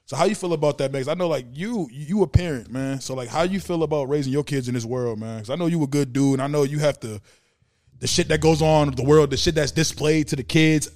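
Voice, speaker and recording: A man's voice: fairly high pitch, fast talker, darkish tone. A man hosting a casual podcast chat, talking emphatically and profanely, often repeating words as he builds a point.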